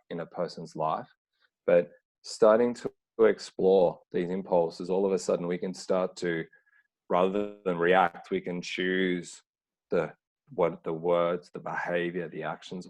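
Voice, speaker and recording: Deep-voiced earnest man on a call. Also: darkish tone. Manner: earnest, searching, frequent "like" fillers. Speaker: podcast guest. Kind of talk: reflective conversational talk. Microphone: remote call.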